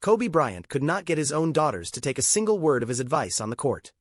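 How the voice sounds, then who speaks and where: A man's voice: fairly high pitch, big pitch swings, a little fast, a little hiss or hum. A man giving scripted narration with a punchy, setup-style delivery.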